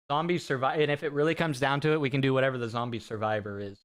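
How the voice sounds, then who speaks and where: A man from Central California, chatting casually and excitably with viewers on a live stream. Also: mid-range voice, fast talker, smooth. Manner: rambling, excitable, talks to chat. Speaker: fitness streamer.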